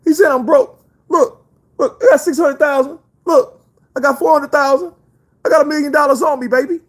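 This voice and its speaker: A man doing an impression of a boastful, flashy rich champion boxer who brags loudly and repeats himself. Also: steady tone, normal speed. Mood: taunting. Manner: loud bragging, repeats himself, high-pitched.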